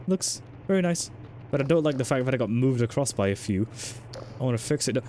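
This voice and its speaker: A man's voice: mid-range voice, expressive, fairly quick, warm tone, a little hiss or hum. A man streaming a game in casual commentary, chatty, swearing and joking while talking to his chat.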